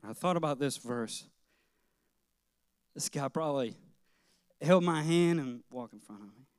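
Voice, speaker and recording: A man's voice: a little high, no room sound, clean studio sound. Earnest man preaching a sermon. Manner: earnest, personal storytelling with light laughter. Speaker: pastor.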